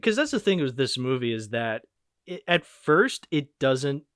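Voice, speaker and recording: A man in his twenties hosting a podcast, chatting casually about movies in a rambling, excitable way and swearing freely. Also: medium pitch, unhurried, no echo, studio quality. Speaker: podcast host. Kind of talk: casual movie-review chat.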